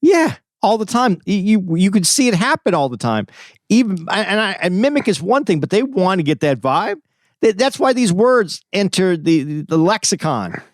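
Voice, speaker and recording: A man's voice: high voice, big pitch swings, moderate pace, dry recording. Man reminiscing in a dry podcast chat. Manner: reflective storytelling, many restarts. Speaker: podcast co-host.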